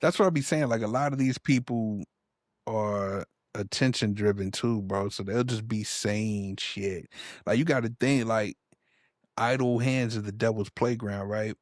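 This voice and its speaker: A man's voice: on the low side, a little slow, no echo, studio quality. Laid-back man sharing opinions. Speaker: podcast co-host. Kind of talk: casual chat.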